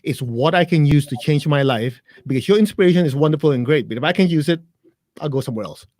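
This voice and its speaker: A man's voice: a little high, animated, fast, darkish tone, no room sound, studio quality. Blunt, joking male meditation teacher. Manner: blunt, joking, talks straight to listeners. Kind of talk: guided meditation instruction in a live interview.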